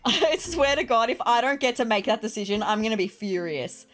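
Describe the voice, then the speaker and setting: A woman YouTuber giving excitable, giggly commentary while playing a life-simulation game. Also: a little high, brisk, faint music behind. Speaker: gaming YouTuber. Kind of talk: let's play commentary.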